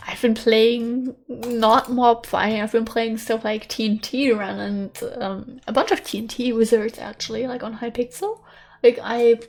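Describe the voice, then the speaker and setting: A woman's voice: a little high, steady tone, a little slow. A woman hosting a gaming channel, talking casually and thinking aloud as she plays, with some light self-mockery, recorded on a USB studio mic in her bedroom. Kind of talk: casual let's-play commentary. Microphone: USB studio microphone.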